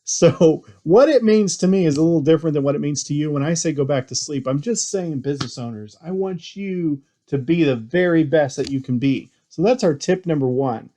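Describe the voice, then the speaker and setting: A middle-aged man from Texas, a business owner, giving casual motivational tips in an earnest storytelling manner and growing animated when he quotes himself. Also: on the high side, fairly quick, few pauses.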